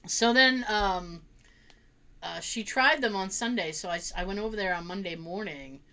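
A woman telling a long funny family story in casual chat, animated and laughing often. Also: medium pitch, moderate pace. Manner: animated, laughs often, acts out relatives' voices.

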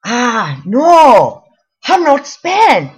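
A woman's voice: high voice, lively intonation, measured pace, fairly bright tone, pitched above the performer's own voice, exaggerated voice, rough recording. A woman voicing a brusque woman loan officer with a thick accent, speaking in clipped, broken phrases. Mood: curt, insistent.

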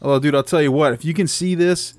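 A man's voice: a little high, steady tone, fast. A man bantering casually on a podcast in a laid-back way, often saying "dude". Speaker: podcast co-host.

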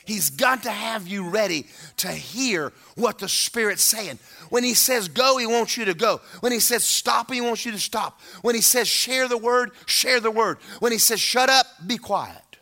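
Lively preacher man preaching. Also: high voice, measured pace, creaky. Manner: animated, acts out voices, shouts at peaks. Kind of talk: sermon.

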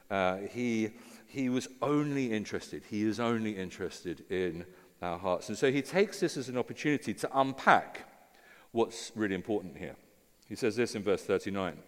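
A man's voice: mid-range voice, long reverb tail. A man preaching a sermon as pastor, in an informal, conversational way with many fillers and restarts.

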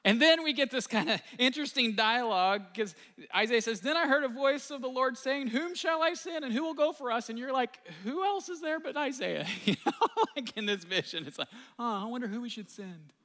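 A man preaching a sermon in a lively, conversational way, full of fillers and quick asides. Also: very high voice, in a large hall. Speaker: pastor.

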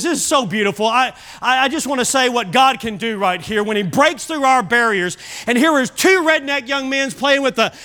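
A middle-aged man preaching a sermon to his church, telling animated stories and often repeating words as he starts a line. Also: very high-pitched. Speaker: pastor.

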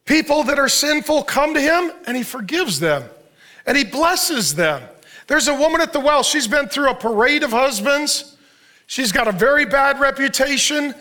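A male pastor with a strikingly high voice and a bright, forceful edge delivers a sermon. He talks in punchy, joking bursts, tossing rhetorical questions at his listeners and answering them himself.

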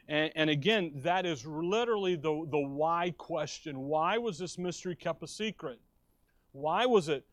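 American man preaching, a bit high-pitched. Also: normal speed, no echo. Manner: conversational preaching with frequent restarts, stressing key words. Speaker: pastor. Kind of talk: expository sermon.

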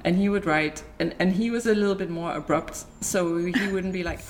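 A woman's voice: lowish voice, brisk, hardly any pauses, a little hiss or hum. A woman entrepreneur chatting candidly as a guest in an interview, often laughing as she talks. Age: adult, married. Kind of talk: casual interview chat.

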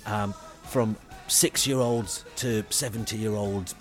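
A man, co-hosting a comedy podcast and telling a rambling, animated story. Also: lowish voice, slow, soft background music. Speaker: podcast co-host. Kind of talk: casual comedy chat.

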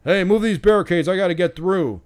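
A man putting on the voice of a cranky older man who shouts demands indignantly. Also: high-pitched, a little fast, clean tone, pitched above the performer's own voice, natural voice. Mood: angry. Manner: loud, indignant yelling.

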